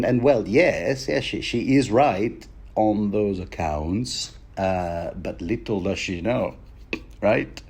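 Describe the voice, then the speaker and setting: A man with a fairly low voice talks through a book chapter in a rambling, conversational commentary. He is wry and chatty, often tripping over words and restarting his sentences as he thinks aloud. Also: takes it slowly, a little mellow, breathy edge. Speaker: podcast host.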